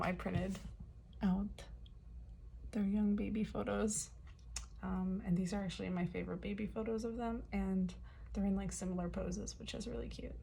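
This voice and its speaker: A woman chatting casually as a fan vlogger, hoarse and losing her voice, with lots of fillers and soft laughs. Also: medium pitch, a little hiss or hum. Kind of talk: casual chat.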